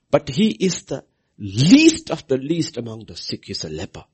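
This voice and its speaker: A man delivering a sermon in a slightly husky voice. His pitch rises and falls widely as he drives his points home, repeating lines for weight. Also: huge pitch swings, normal speed. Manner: preaching with big swings in pitch and loudness, repeating phrases for emphasis. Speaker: preacher.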